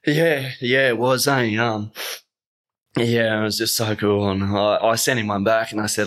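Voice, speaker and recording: A man's voice: on the low side, fairly even intonation, unhurried, fairly bright tone. A young Australian man from the Northern Territory, telling a heartfelt story in a casual interview, choked up, rambling with many fillers. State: choked up, voice catching. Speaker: guest.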